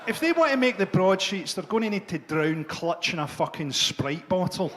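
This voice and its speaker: A middle-aged man doing a dark, sardonic stand-up set, swearing freely. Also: high voice, big pitch swings, moderate pace, noisy background. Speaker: stand-up comedian.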